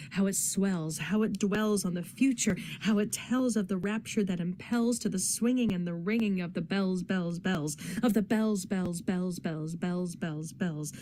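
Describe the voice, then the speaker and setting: A woman reading poetry aloud in a dramatic, expressive recitation. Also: lowish voice, slight background noise. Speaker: poetry reader in a readathon.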